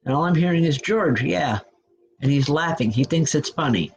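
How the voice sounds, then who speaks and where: A woman medium with a deep voice gives a live spirit reading online, passing on messages gently and repeatedly reassuring the people she reads for. Her speech is halting and stop-start with many restarts, and the recording is rough.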